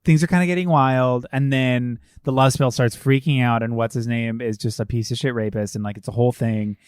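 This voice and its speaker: Male podcast co-host, mid pitch, animated and profane, dry close recording. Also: fairly quick, smooth, no echo. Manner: animated, swearing, acts out film lines. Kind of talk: casual film discussion.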